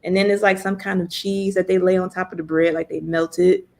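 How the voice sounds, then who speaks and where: A woman's voice: on the low side, little pitch movement, brisk, creaky, darkish tone. A woman guest in a casual interview, talking chattily with lots of filler words.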